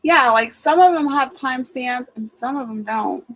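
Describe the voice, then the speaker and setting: A chatty woman with an Ohio accent, talking casually on a livestream in a somewhat high voice. She rambles along with plenty of "um" and "like" and greets viewers as they drop in. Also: moderate pace, poor audio. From Ohio, USA. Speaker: homesteading livestream host.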